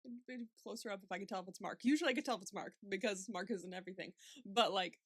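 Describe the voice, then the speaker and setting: A woman's voice: mid-range voice, racing, slightly rough, dry recording, clean studio sound. A woman co-hosting a casual podcast recap, swearing freely and laughing often. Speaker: podcast co-host.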